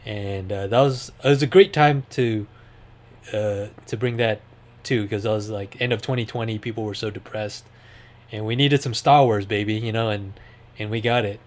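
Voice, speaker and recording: A man's voice: fairly low pitch, normal speed. A man hosting a podcast, talking in a rambling, enthusiastic way with lots of fillers. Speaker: podcast host. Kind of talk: casual chat.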